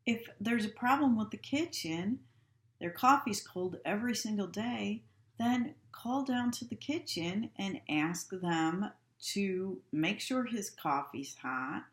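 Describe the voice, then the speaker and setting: Woman, healthcare instructor, unhurried calm lecture, reverberant room. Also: medium pitch. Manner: calm, practical, acts out example dialogues. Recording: echoey room.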